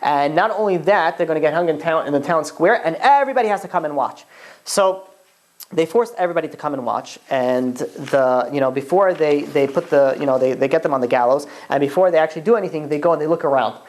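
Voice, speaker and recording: A low-pitched woman tells a story in a religious talk. She keeps stopping and restarting her sentences and leans on "you know" as she goes. Her phrasing carries bits of Yiddish-flavored slang. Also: darkish tone. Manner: halting, full of restarts and "you know" fillers.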